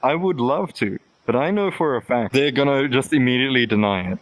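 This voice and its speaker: A man's voice: mid-range voice, expressive, a little fast, no echo, low-quality recording. Candid, rambling young man telling a story. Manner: candid, rambling storytelling with quoted back-and-forth. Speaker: podcast guest. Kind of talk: casual podcast chat.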